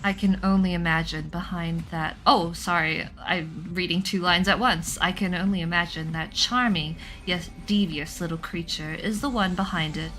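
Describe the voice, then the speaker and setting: A woman's voice: fairly low pitch, fairly even intonation, moderate pace, few pauses, fairly bright tone, pitched below the performer's own voice, lightly acted, rough recording. A woman voicing a bewildered teenage student, reading game dialogue aloud in her own voice, earnest and stammering. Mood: wary.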